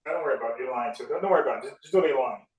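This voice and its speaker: A man's voice: mid-range voice, racing, breathy edge. A man from South Carolina hosting a livestream, talking bluntly and profanely, repeating words when he gets fired up. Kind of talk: casual heated debate.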